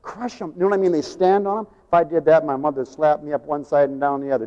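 An older man preaching a sermon as pastor, telling folksy stories, acting out voices and rising to shouts. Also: a little high, rapid-fire, hardly any pauses. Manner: folksy storytelling, acts out voices, rises to shouting. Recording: dull lo-fi sound with long hall reverb.

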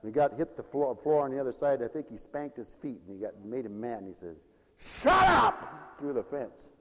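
A man preaching a sermon with fervor, swinging from loud cries to hushed storytelling. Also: mid-range voice, quick pace. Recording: reverberant hall.

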